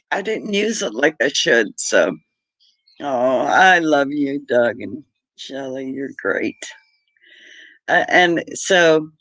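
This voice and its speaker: A woman's voice: low voice, a bit bright, no room sound, rough recording. A woman, chatting casually and heartfeltly on a livestream as a homesteading channel host, greeting viewers by name. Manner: chatty, heartfelt, reads viewer comments aloud.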